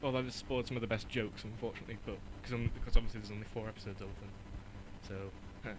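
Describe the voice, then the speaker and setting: A man's voice: fairly low pitch, fairly even intonation, very fast, noisy background. A man co-hosting a casual podcast, rambling and self-deprecating, laughing at his own jokes. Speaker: podcast co-host and intro guy.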